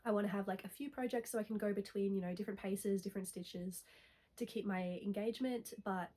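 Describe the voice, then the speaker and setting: A woman's voice: medium pitch, fairly even intonation, a little fast, warm tone. Young woman, stuffy nasal cold voice, rambly chatty vlog talk, keeps correcting herself. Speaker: knitting vlogger. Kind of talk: casual chat to camera.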